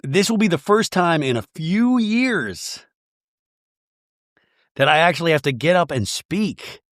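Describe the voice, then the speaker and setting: A man's voice: on the high side, very animated, a little slow, a bit bright, dry recording, studio quality, pitched above the performer's own voice. A man doing a flustered woman pastor. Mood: nervous.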